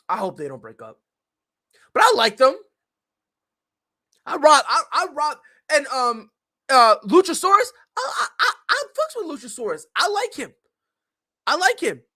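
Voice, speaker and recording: Male podcast host, heated profane ranter, animated delivery, sharp bright tone. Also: very high voice. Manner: profane, heated and opinionated, with frequent swearing. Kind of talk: casual ranting commentary.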